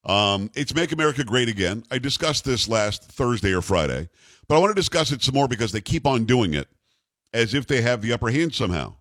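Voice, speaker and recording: A man's voice: medium pitch, sing-song, a little fast, fairly bright tone, dry recording, studio quality. Emphatic man hosting talk radio. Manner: sarcastic, emphatic political commentary. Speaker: radio talk show host.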